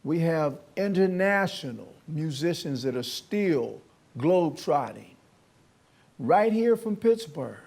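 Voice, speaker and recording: A man's voice: on the high side, very animated, slow pace, gravelly, a little mellow, slightly rough. A man hosting a talk show interview, friendly and encouraging toward his guest.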